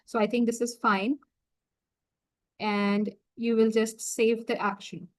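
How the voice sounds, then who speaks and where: A woman walking viewers through a software setup on a screen-share tutorial, talking through each click as she goes. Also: a little high, level tone, rough recording. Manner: slow, explanatory, talks through each click. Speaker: software trainer.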